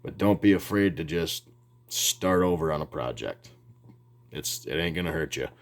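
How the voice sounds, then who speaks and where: A man's voice: very deep voice, animated, moderate pace, a little hiss or hum. A man talking casually about his hobby in his home workshop, rambling and plain-spoken with frequent restarts. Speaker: hobby video host. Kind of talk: casual how-to talk.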